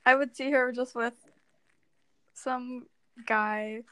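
A woman's voice: on the high side, steady tone, takes it slowly, pushed and bright, smooth, no room sound. A teenage girl co-hosting a podcast, rambling in an upbeat, casual way. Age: teens. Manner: upbeat, rambling, easy laughter. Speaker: podcast co-host. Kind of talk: casual chat.

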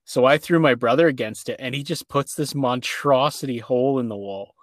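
A man's voice: mid-range voice, brisk, no echo, studio quality. Laughing man telling a childhood story. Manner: animated, laughing, frequent fillers. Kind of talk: casual storytelling chat.

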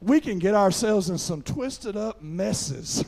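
A man's voice: high-pitched, lively intonation, slow, gravelly, hardly any pauses. A middle-aged man, preaching a sermon through a folksy personal story and peppering it with "amen". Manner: folksy storytelling, frequent "amen" fillers, rising to loud preaching. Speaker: pastor.

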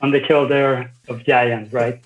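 A man in his forties from Venezuela, a podcast guest speaking slowly and hesitantly with many fillers. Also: medium pitch, level tone. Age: 40s. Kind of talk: casual interview conversation. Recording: dull lo-fi recording.

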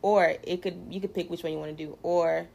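A woman's voice: lowish voice, fairly even intonation, a little fast, creaky, darkish tone, muffled recording. A woman hosting a casual faith chat, talking in a chatty, playful way with many fillers. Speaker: podcast host.

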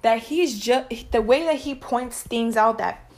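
A young woman with a fairly high voice vents on her vlog. She tells a personal story in an animated, emphatic way, pressing hard on her words. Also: measured pace, a little hiss or hum. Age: young adult. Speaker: vlogger.

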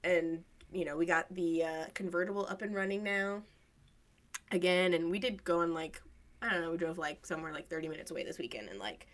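A woman in casual conversation, telling stories with lively quoted voices. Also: fairly quick. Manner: animated storytelling, voices quotes higher. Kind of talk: casual chat.

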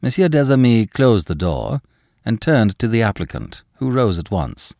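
A man narrates a classic novel in a measured, expressive style. His voice is low and deep, with wide, lively swings in pitch, recorded dry and close with no room echo.

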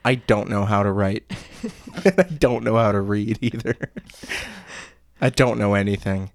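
A man's voice: on the low side, a little slow, creaky, no echo, clean studio sound. A man improvising as a naive young girl, talking in a rambling, joking way and cutting in on others. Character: naive young girl, Little Red Riding Hood.

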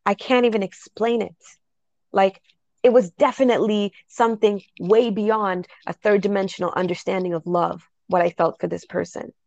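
A woman's voice: medium pitch, fairly even intonation, normal speed, creaky, darkish tone, dry recording, highs cut off. A woman hosting a casual spiritual podcast, telling heartfelt stories and laughing often. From Jamaica. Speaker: podcast host.

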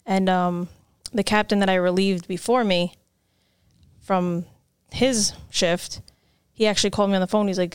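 A woman's voice: medium pitch, steady tone, moderate pace, pauses often, smooth, no room sound, studio quality. A woman ferry captain, recounting a river rescue in a plain, matter-of-fact way during a casual interview. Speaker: ferry captain, podcast guest.

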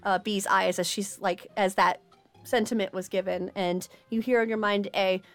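A woman's voice: mid-range voice, fairly even intonation, normal speed, faint music behind. A woman narrating a tabletop game as game master, hesitant and full of fillers.

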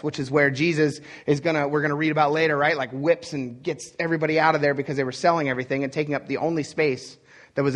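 A man's voice: on the high side, a bit bright. Man preaching, loose and conversational. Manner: conversational preaching with frequent "right?" asides and chuckles. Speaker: pastor. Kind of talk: sermon.

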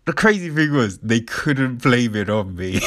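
A man's voice: mid-range voice, very animated, a little slow, a bit bright, dry recording, clean studio sound. A man hosting a show, talking in a rambling, casual monologue, laughing often and swearing freely. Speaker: show host.

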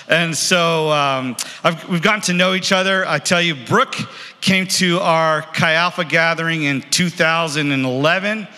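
A man's voice: a little high, bright, forceful tone. A man leading a church service, introducing a guest speaker in a rambling, friendly way. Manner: rambling, friendly, full of fillers. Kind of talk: church announcements. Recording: reverberant church hall.

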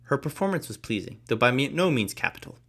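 Guy reading an old novel out loud, fast, drops in little offhand comments. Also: medium pitch, sing-song. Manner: brisk, with casual asides. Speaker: reader. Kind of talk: reading a classic novel aloud.

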